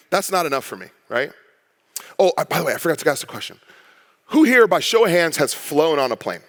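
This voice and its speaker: A man, a pastor, preaching a sermon with lively storytelling and acted-out quotes. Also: a little high, fast talker, big-room sound. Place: church sanctuary.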